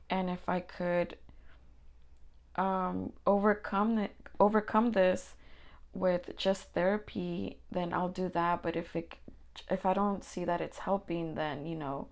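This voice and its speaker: A woman's voice: fairly low pitch, gravelly. A woman co-hosting a podcast in casual chat, a supportive listener who backs her partner up with frequent "mm-hmm"s. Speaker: podcast co-host.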